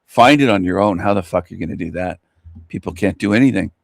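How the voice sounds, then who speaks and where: A man's voice: deep voice, fast, gravelly, dry recording. Blunt, profane man ranting on a dry mic. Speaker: channel host. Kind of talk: livestream commentary.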